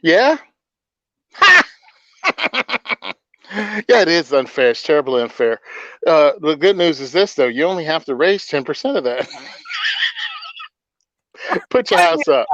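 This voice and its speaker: A man's voice: a little high, very animated, a little slow, pauses often, fairly bright tone, dry recording, dull audio. Blunt sarcastic man hosting a chat. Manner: blunt, sarcastic, laughs often. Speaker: podcast host. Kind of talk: casual political chat.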